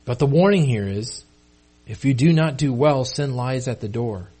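A man's voice: mid-range voice, lively intonation, normal speed, warm tone, breathy edge. A male pastor delivering a sermon in a casual, conversational way, often repeating and restarting words.

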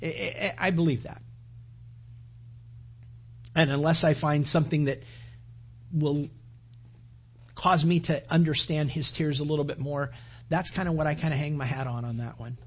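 Husky-voiced man preaching conversationally. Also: on the high side, fairly even intonation, moderate pace, long pauses. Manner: conversational storytelling, acts out quoted lines. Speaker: pastor. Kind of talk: sermon.

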